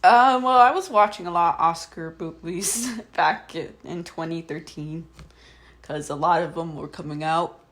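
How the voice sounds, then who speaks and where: A man's voice: a little high, a bit bright. A man talking casually on a podcast in a hesitant, stop-and-start way. He trips over his own sentences and often laughs through them. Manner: halting, restarts a lot, laughs through his words. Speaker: podcast co-host.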